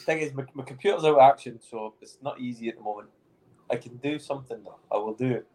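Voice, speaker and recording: A man with a Scottish accent hosting a podcast, teasing his co-host in casual banter with quick laughs. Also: mid-range voice, darkish tone. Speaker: podcast host, former footballer. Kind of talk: casual chat.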